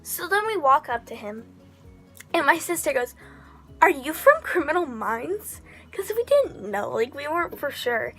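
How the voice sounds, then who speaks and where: A woman vlogger telling a casual, excitable story, full of "like" fillers and slipping into whispers for asides. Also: high voice, moderate pace, soft background music. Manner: chatty, heavy use of 'like' fillers.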